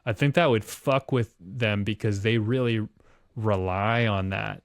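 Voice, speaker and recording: A man's voice: fairly low pitch, fairly even intonation, unhurried, no room sound, studio quality. A man hosting a podcast, talking reflectively in long musing runs. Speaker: podcast host. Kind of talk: casual chat.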